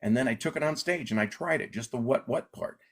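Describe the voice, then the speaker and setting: A man's voice: mid-range voice, fast. A middle-aged man who grew up in Alaska, a comedian chatting casually in an interview and acting out the voices in his stories. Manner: animated storyteller, acts out quoted voices. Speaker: comedian guest.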